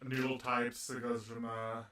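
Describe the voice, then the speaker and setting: A man's voice: mid-range voice, monotone, measured pace, sharp tone. Easygoing guy chiming in on an anime recap, sounds far away, roomy echo. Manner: laid-back, adds details to the other host's retelling. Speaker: podcast co-host. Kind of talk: casual anime review chat. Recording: echoey room, far from the mic.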